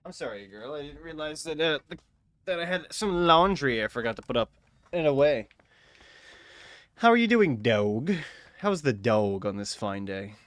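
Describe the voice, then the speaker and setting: A man's voice: a little high, expressive, normal speed, long pauses, no echo. A man streaming a game, chatting casually, joking and swearing, with sudden yelps. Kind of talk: casual gaming stream commentary.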